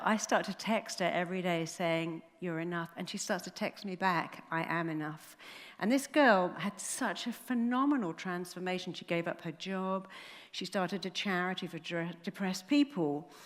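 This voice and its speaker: A middle-aged woman, a therapist telling a story on stage with animated delivery and acted-out quotes. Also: lowish voice. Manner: animated, acts out quoted voices. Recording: long hall reverb.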